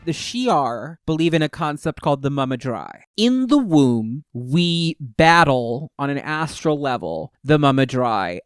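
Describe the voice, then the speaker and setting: A woman's voice: deep voice, smooth, dry recording, studio quality. A woman hosting a podcast, recapping comics in casual comic chat and acting out the characters she quotes. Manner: animated, acts out characters in quotes. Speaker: podcast host.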